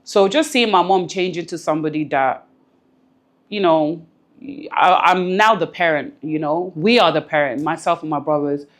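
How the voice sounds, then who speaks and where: A woman with a low-sitting voice speaks at a moderate pace as an interview guest. She talks earnestly and reflectively about something personal, often repeating phrases for emphasis and sometimes coming close to tears.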